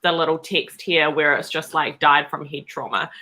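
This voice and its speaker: A woman's voice: low voice, level tone, normal speed, pushed and bright, rough recording. A woman in her thirties with a New Zealand accent and a slightly nasal voice, co-hosting a casual comics chat with lots of fillers. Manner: chatty, filler-heavy, upbeat. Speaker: podcast co-host.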